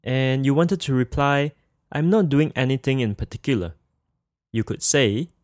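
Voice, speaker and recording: A man's voice: medium pitch, animated, normal speed, darkish tone, no room sound, clean studio sound. A man teaching a language lesson in a careful scripted manner, saying each example phrase twice for practice.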